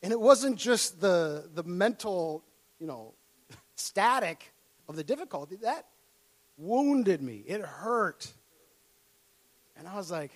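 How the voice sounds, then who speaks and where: A man from Minnesota preaching a sermon, telling a personal story with animated storytelling, acting out his past self in excited tones and laughing often. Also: high voice, slow, pauses often.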